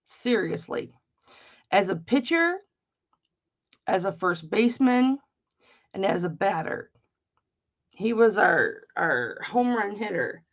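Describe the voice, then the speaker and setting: A middle-aged woman hosting a live jewelry auction, chatting casually, swearing freely and greeting viewers by name. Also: mid-range voice. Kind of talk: casual chat while selling. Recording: dull lo-fi stream audio.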